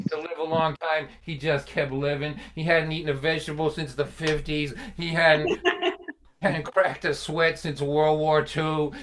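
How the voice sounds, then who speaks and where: A man's voice: on the high side, sharp tone, slight background noise. A middle-aged man from the Boston area telling a chatty story between folk songs on a live stream, laughing often. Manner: chatty, laughs often, does voices for family.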